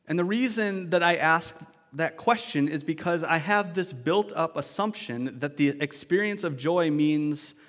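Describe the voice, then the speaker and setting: Reflective pastor in a reverberant hall. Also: male voice, mid-range voice. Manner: conversational and reflective, with restarts and asides. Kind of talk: sermon. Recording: long reverb of a large church hall.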